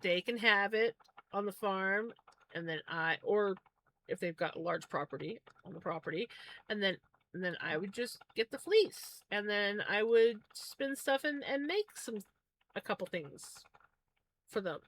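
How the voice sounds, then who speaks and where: A woman's voice: medium pitch, animated, measured pace, a bit bright, a little hiss or hum. Chatty woman streaming while spinning yarn. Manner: chatty, rambling, laughs easily. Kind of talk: casual chat.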